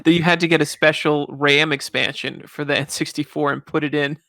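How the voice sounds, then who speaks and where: A man hosting a podcast, telling animated stories and laughing often. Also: on the high side, a little fast, vocal fry, no echo, clean studio sound. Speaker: podcast host. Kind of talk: casual chat.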